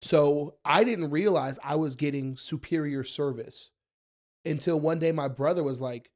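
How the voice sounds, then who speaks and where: A young man telling stories in a casual podcast chat, acting out quotes in a high voice. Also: normal speed. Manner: animated storyteller, acts out quotes in a high voice. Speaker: guest, food content creator.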